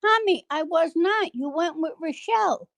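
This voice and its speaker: A woman's voice: very high-pitched, lively intonation, normal speed, gravelly, a bit bright, no room sound, low-quality recording. A woman on a voice call panel defending herself, insisting that she be allowed to finish speaking. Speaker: panel member. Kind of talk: heated argument on an online voice panel.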